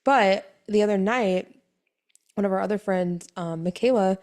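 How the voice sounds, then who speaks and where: A young pregnant woman co-hosting a podcast, chatting casually and telling a story with animated quoted voices and frequent laughs, worn out from sickness. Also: mid-range voice, normal speed. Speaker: podcast co-host. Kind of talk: casual chat.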